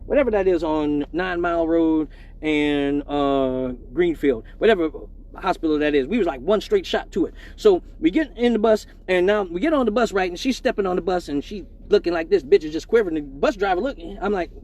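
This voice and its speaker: A man, hosting a live show and telling a profane, animated story, acting out other people's lines as he goes. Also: sits high, brisk. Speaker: host of a live stream show. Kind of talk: comedic storytelling.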